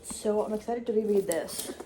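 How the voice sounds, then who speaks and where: Young adult woman, casual dorm-room vlogger, chatty and rambling, mid pitch, faint noise under. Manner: chatty, with restarts and quick asides. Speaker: college student vlogger. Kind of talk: casual vlog chat.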